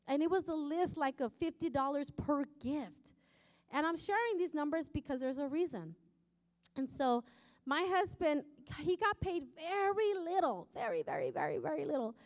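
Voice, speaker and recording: A woman preaching in a sermon, telling her story emphatically and swinging from hushed to loud. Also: high-pitched, in a large hall. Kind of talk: sermon testimony.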